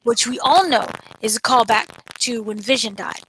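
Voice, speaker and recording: Bright, animated woman recapping a show. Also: a little high, moderate pace, a little hiss or hum, rough recording. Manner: animated, retells scenes with playful voices. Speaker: entertainment editor, co-host. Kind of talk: casual spoiler recap chat.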